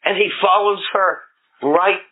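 Middle-aged man, recovery meeting speaker, unhurried and anecdotal, lo-fi phone-like recording. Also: sits high. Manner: plain-spoken, anecdotal, self-deprecating humor. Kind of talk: personal recovery talk. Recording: phone-like lo-fi with faint hiss.

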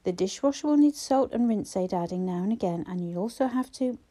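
A woman reading a brisk, sharp-tongued young woman who trades teasing banter, in an audiobook. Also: mid-range voice, animated, close to an everyday voice. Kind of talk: audiobook character voice.

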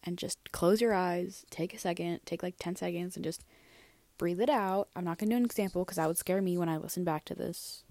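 A woman's voice: fairly low pitch, steady tone, a little fast, dark tone, dry recording. A tired young woman hosting a casual personal podcast, chatty and rambling with lots of fillers and restarts. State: tired, yawning. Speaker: podcast host.

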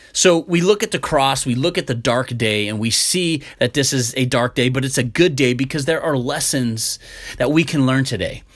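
Male preacher, mid-pitched, unhurried sermon delivery with scripture reading. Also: slightly rough. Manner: slow, measured, with fillers and restarts.

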